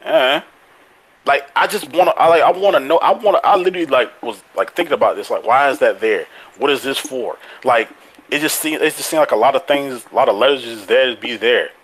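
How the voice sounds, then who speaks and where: A man co-hosting a casual podcast chat, excitable and quick to laugh, swearing freely as he rants. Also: medium pitch, low-quality recording. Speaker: podcast co-host.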